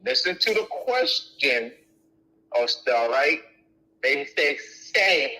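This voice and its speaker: A man's voice: fairly high pitch, very animated, takes it slowly, sharp tone, a little hiss or hum, poor audio. A man answering audience questions in a lecture, emphatic and repetitive, restarting his sentences often.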